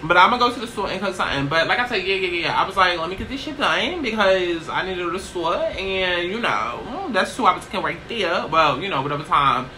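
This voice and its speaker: A woman chatting casually in a get-ready-with-me vlog, brash and profane, tossing in "okay?" constantly while seated low in a small chair. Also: expressive, brisk, few pauses, low-quality recording. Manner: brash, profane, sassy, keeps asking "okay?". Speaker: YouTuber.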